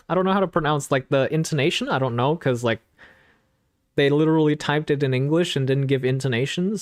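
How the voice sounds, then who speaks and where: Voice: medium pitch, no echo, studio quality. A streamer chatting casually while playing a story game, thinking aloud and laughing between lines. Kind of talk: casual let's-play commentary. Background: faint game music.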